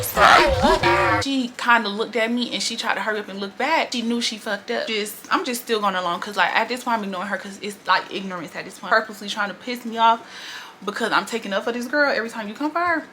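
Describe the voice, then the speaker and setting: A woman recounts a workplace story straight to her viewers in loose, profane storytime chat. Her voice is bright and edged, and her delivery stays blunt and animated. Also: on the high side, a little hiss or hum. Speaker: storytime vlogger. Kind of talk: casual storytime monologue.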